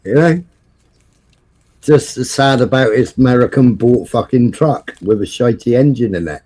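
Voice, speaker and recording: A man's voice: mid-range voice, normal speed, warm tone, husky. A man hosting a casual chat, ranting profanely and repeating himself. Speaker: host.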